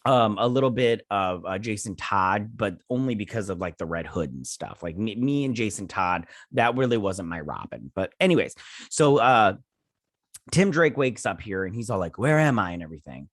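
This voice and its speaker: Rambling lower-voiced man reviewing a show. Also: lively intonation, moderate pace, no room sound, clean studio sound. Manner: rambling, filler-heavy, paraphrases scenes. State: sleepy, yawning. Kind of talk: casual episode recap and review.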